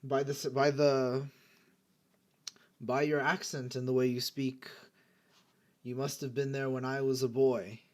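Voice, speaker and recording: A man's voice: mid-range voice, little pitch movement, measured pace, pauses often, a little mellow, lightly acted. A man voicing an old male giant who speaks in formal, grave warnings.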